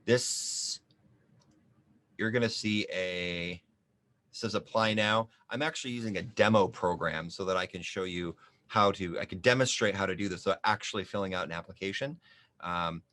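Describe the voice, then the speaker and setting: A man with a lowish voice walks viewers through an online form in a screen-share tutorial. He talks in a loose, chatty way, cracks small jokes and thinks aloud as he fills in each field. Keyboard typing and mouse clicks sit behind his voice. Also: normal speed, sharp tone. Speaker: small business advisor demonstrating an application.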